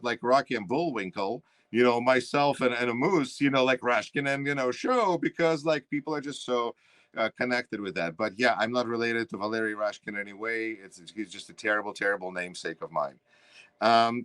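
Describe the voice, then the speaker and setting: A man with a Russian accent talks as an interview guest, his pitch sitting in an ordinary middle range. He rambles with plenty of fillers and restarts. The sound is dry and close, with no room around it. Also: a bit bright, no echo. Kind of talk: casual interview talk.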